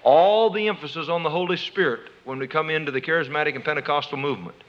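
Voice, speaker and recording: A middle-aged man with a slightly high voice preaches a folksy sermon at a quick pace, quoting scripture and acting out little inner conversations. It's captured on a dull, lo-fi sermon tape.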